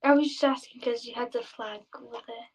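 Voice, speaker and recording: A woman's voice: on the high side, steady tone, a little fast, darkish tone. A woman stranger on a video chat asking blunt, curious questions. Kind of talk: casual chat.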